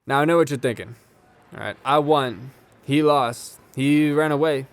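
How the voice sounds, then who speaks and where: A man's voice: medium pitch, normal speed, natural voice. A man performing a theatrical monologue as a bartender who tells a wry, reflective story from his childhood. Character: bartender recalling a childhood fistfight.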